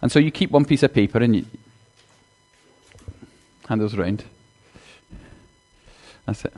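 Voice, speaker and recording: A man's voice: mid-range voice, measured pace, darkish tone. A man giving a chatty sermon in a church, talking directly to the congregation and acting out a children's talk. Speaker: minister.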